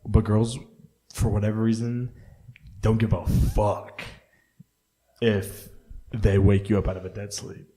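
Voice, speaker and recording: A man's voice: on the low side, flat delivery, a little slow, dark tone. A man co-hosting a podcast, telling profane, loose stories in casual chat and acting out quotes, close to the mic. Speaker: podcast co-host.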